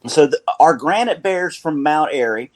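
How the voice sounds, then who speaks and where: Playful sports radio host, Carolina twang. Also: male voice, fairly high pitch, animated, moderate pace. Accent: North Carolina. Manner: playful, rambling, self-correcting.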